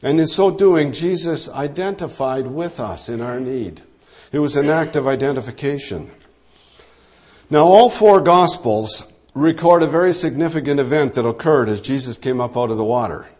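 Pastor, male, mid-pitched, measured explanatory sermon delivery, goes low and quiet on scripture quotes. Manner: measured, explanatory, drops low and soft when quoting.

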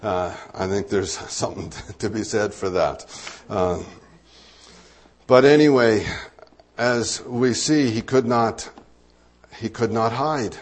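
A man's voice: fairly low pitch, takes it slowly, long pauses. A man preaching a sermon, teaching through a Bible passage in a conversational way, with asides and fillers.

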